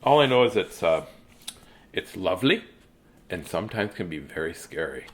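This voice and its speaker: A man's voice: sits low, very animated, moderate pace, a little hiss or hum. Chatty playful man reading to kids. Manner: chatty, playful, rambling, greets viewers by name. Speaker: children's storybook reader. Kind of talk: casual live-stream chat and read-aloud.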